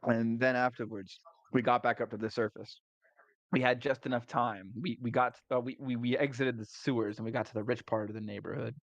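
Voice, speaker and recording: A man's voice: mid-range voice, fairly even intonation, brisk, vocal fry, dry recording. Male game master recapping a session, casual and profane, with a dull, dry sound. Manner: laughing, profane storytelling.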